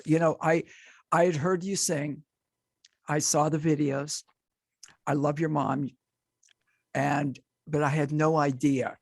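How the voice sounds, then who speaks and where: Male podcast host, husky and dry-sounding, gushing and tripping over his words. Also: mid-range voice, no room sound. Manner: effusive, stammering with emotion. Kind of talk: casual interview wrap-up.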